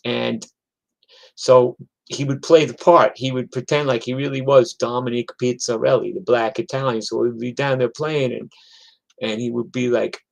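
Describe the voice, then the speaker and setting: A man's voice: mid-range voice, fairly even intonation, normal speed, gravelly, poor audio. Rambling, profane middle-aged New man. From New York. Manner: rambling, profane, full of "like" and "you know". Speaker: musician telling stories. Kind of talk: casual storytelling monologue.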